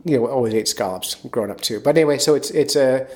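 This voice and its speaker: A man from near Philadelphia hosts a fishing podcast in an easygoing, rambling way. He talks at an ordinary middle pitch and speeds up in quick bursts. He often loops back on his words. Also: darkish tone. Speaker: podcast host and fishing guide. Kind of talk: casual podcast chat.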